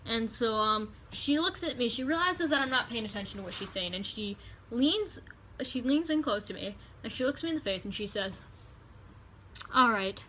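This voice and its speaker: A woman vlogger telling a storytime tale in a hotel room, animated and profane. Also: on the high side, fairly quick, a little hiss or hum. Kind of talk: storytime vlog.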